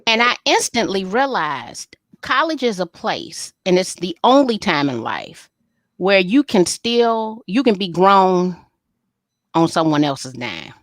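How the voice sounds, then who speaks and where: A middle-aged woman, an interview guest, telling family stories candidly and acting out the dialogue with lively, folksy humor. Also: mid-range voice, takes it slowly, no echo. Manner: animated, folksy storyteller who acts out family dialogue. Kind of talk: candid storytelling in a live interview.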